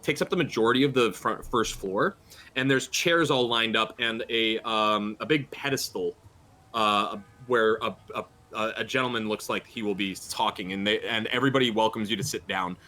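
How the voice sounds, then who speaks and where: A man's voice: on the low side, moderate pace, pushed and bright. A man running a tabletop horror game as game master, narrating in a rambling, improvised way with many fillers.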